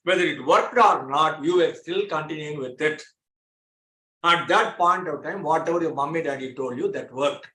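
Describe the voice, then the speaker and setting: Bright-voiced man lecturing. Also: fairly high pitch, normal speed. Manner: explains with homely examples, repeating phrases for emphasis. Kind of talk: lecture to a class. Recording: echoey room.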